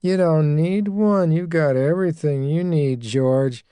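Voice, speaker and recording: A man's voice: measured pace, warm tone, smooth, no echo, clean studio sound, lightly acted. A man putting on a brash boozy woman. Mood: bitter. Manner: brash, raised pitch, crude. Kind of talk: audiobook reading.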